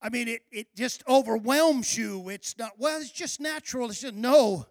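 Pastor, male, high gravelly voice, fervent sermon delivery that swells into shouting, dry close sound. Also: moderate pace, no room sound. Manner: fervent preaching, swelling to shouts on key phrases.

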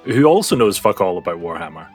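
A man's voice: low-pitched, very animated, fast, soft background music. A man hosting a casual podcast chat, laughing often and joking with his co-hosts. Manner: laughs often, jokey and laid back. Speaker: podcast host.

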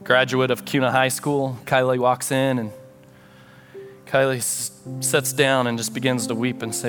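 A man's voice: mid-range voice, flat delivery, moderate pace, fairly bright tone. Earnest man preaching over faint music. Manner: earnest storytelling, acting out prayers and dialogue. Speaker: pastor. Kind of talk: sermon.

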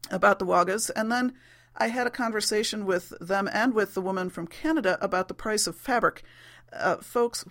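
A woman's voice: lowish voice, fairly bright tone. A woman hosting a podcast, talking in a chatty, rambling way with frequent laughs and ums. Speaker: podcast host. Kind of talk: casual podcast monologue.

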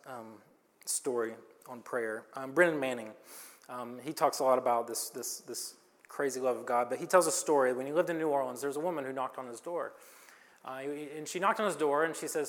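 A man's voice: fairly high pitch, fairly bright tone, long reverb tail. A man preaching a sermon, telling stories in a conversational way and quoting people in his own voice. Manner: conversational storytelling, quotes characters in his own voice. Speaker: pastor.

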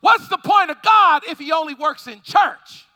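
A man preaching a sermon with fervent delivery, shouting at peaks and calling on the congregation to respond. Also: very high-pitched, moderate pace.

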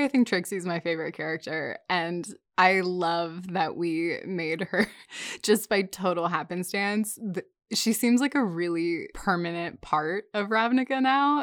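A woman's voice: lowish voice, no echo, clean studio sound. A woman co-hosting a tabletop gaming podcast, enthusiastic and giggly in casual chat. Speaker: podcast co-host.

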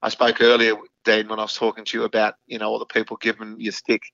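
This candid interview guest, a foundation founder, is a middle-aged man with an Australian accent whose speech is full of fillers and restarts. His voice is lowish, monotone, fast, creaky, and fairly bright, with no room sound, and the lo-fi recording is slightly dull.

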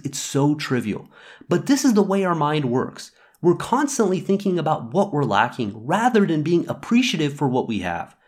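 Thirtysomething guy hosting a podcast, chatty storyteller, pitch bounces around a lot. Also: slightly rough. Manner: storytelling, relaxed, thoughtful with small fillers. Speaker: podcast host. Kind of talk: reflective podcast talk.

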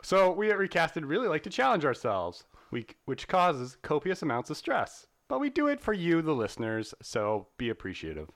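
A man's voice: on the high side, huge pitch swings, normal speed, hardly any pauses, a bit bright. A man hosting a casual movie-review podcast, playful and theatrical as he jokes with his co-host.

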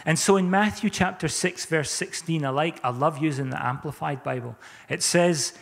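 Male pastor, relaxed chatty sermon, slightly high voice, echoing church hall. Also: normal speed, creaky, hardly any pauses. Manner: conversational, chatty preaching with rhetorical questions.

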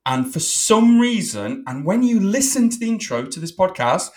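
A man co-hosting a podcast in casual chat, self-mocking and animated. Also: high-pitched, normal speed. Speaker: podcast co-host.

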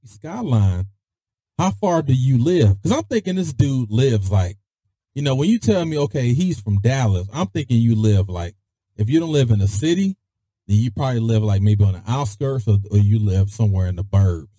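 Animated storytelling man, lively pitch. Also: moderate pace, no room sound, studio quality. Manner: animated, swings his voice high for emphasis; peppers speech with "freaking" and "daggone". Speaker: podcast host. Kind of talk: casual storytelling.

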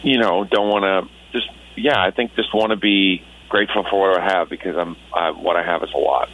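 Earnest reflective man, lower voice. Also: fairly even intonation, brisk, phone-quality sound. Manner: earnest and reflective, with many restarts. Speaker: Christian musician guest. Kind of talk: casual radio interview.

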